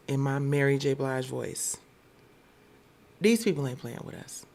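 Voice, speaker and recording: A woman from Detroit hosts a casual news commentary, her voice carrying a gravelly, fry-tinged edge. She talks bluntly and with open irritation, swearing freely as she sounds off. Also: very deep voice, lively intonation, measured pace, long pauses, darkish tone. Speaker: show host.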